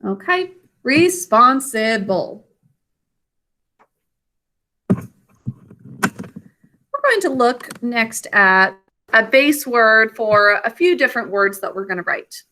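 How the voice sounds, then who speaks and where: Bright, slow-spoken woman teacher. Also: on the high side, expressive. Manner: slow, clear and encouraging, sounding words out. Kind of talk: online spelling and grammar lesson. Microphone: video call.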